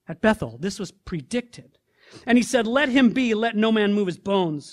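Guy preaching, reads scripture then gets emphatic, fairly high voice, lots of questions at the crowd. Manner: emphatic preaching, rhetorical questions, swings between loud and soft. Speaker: pastor. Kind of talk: sermon with scripture reading.

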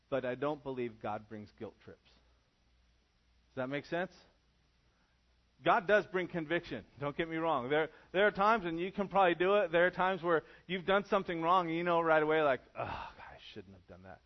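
A man delivering a sermon in a church, speaking in a loose, conversational way rather than a formal one. His voice sits a little higher than most men's, and the recording is muffled and lo-fi. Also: normal speed. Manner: casual, conversational preaching. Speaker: pastor. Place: church room with congregation.

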